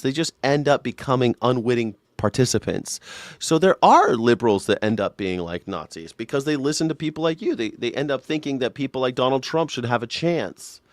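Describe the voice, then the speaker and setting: A man's voice: mid-range voice, dry recording. Profane male host in a sarcastic rant, dry close sound. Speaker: live show host. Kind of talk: ranting reaction commentary.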